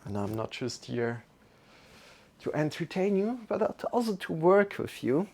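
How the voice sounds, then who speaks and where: Male yoga teacher, gravelly voice, calm, gentle cues for a live-streamed class. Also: fairly high pitch, measured pace. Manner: calm, gentle guiding instructions; greets chat viewers by name.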